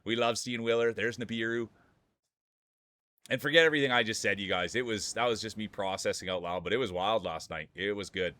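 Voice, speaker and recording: A man's voice: on the low side, fairly even intonation, a little fast, hardly any pauses, a bit bright, dry recording. A man streaming live, commentating marble races and bantering with chat, rambling and laughing often as he jokes.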